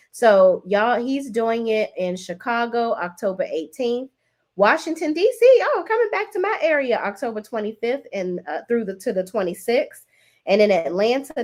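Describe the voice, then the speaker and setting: A woman hosting a live stream, reading viewer comments aloud and chatting about them casually, thanking viewers with big upward swoops in her voice. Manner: animated, swoops high when thanking viewers; chatty, Southern-tinged slang like y'all and child.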